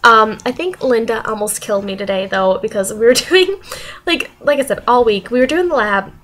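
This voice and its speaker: A young woman telling stories from her week in a casual vlog, animated and laughing often. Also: fairly high pitch, moderate pace. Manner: animated, laughing often, acting out quoted voices. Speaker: vlogger.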